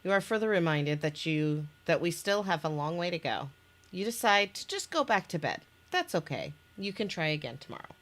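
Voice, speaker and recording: A woman's voice: on the low side, very animated, moderate pace, a bit bright. A woman presenting an interactive story game she made, reading its scenes aloud in casual chat. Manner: reads scenes aloud with restarts and laughs. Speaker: game maker presenting her game.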